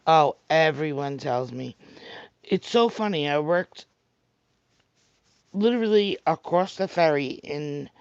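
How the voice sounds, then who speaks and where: Slow, dry-sounding man with a thick Staten Island accent. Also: on the high side, animated, smooth, no echo, dull audio. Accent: Staten Island New York. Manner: rambling, chatty, talks straight to viewers. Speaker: vlogger reading live comments. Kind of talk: casual livestream chat.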